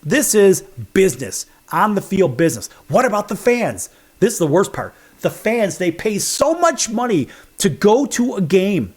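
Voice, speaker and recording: A Chicago man with a high, very animated voice hosts a sports talk show in a studio at normal speed. He counts down rankings, punching them up with sarcastic wisecracks.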